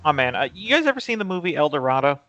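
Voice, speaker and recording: A man's voice: fairly high pitch, big pitch swings, racing, a bit bright, dull audio. A man acting as game master, talking casually and jokily and swearing offhand as he runs a tabletop game. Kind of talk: running a tabletop game over voice chat.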